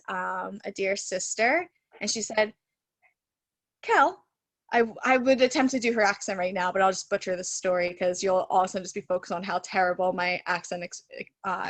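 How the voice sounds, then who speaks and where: Speaking from home on a video call, this Reiki teacher spins a chatty story packed with fillers such as "like" and "you know." She has a medium pitch and a slightly bright tone, and there's no echo.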